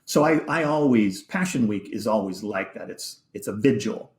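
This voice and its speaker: A man, a podcast guest, telling an emotional personal story in a halting way, repeating words and sometimes dropping almost to a whisper. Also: fairly low pitch, lively intonation. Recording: echoey room.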